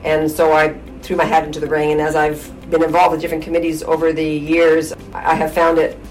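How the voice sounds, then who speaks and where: A woman's voice: sits low, completely flat delivery, brisk, faint music behind, poor audio. A middle-aged woman, a family physician, answering interview questions thoughtfully with frequent restarts and fillers. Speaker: family physician and college president.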